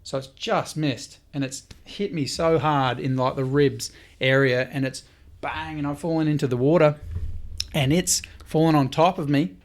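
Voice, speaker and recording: Man telling a lively story. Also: on the high side, normal speed. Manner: lively, swears, quotes people in dialogue. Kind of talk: casual storytelling.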